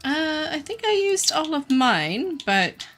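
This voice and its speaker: A woman's voice: sits high, sing-song, a bit bright. A woman hosting her game stream, chatting casually with friends and laughing easily. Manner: easygoing, giggly, quick to laugh. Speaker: streamer and host. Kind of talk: casual gaming chat. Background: game music.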